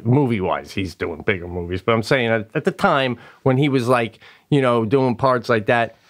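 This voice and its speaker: A man's voice: medium pitch, moderate pace. A man co-hosting a podcast, riffing and rambling with frequent laughter. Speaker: podcast co-host. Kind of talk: casual comedic chat.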